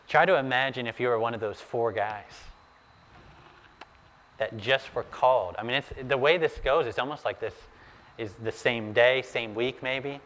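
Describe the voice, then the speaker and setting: A male pastor preaching a sermon, telling the story in an animated way and urging his listeners to imagine the scene. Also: medium pitch, unhurried, big-room sound, slight background noise.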